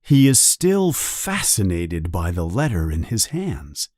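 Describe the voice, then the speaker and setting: A man reading a simplified storybook aloud for English learners, slowly and clearly. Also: low-pitched, huge pitch swings, darkish tone, dry recording, clean studio sound. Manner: slow, clearly paced reading. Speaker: audiobook reader.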